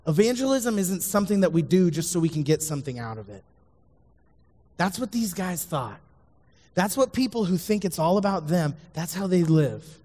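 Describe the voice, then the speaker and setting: A man's voice: sits high, animated, moderate pace, warm tone. A man preaching a sermon as a youth pastor, speaking earnestly to his listeners and repeating the key lines. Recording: long hall reverb.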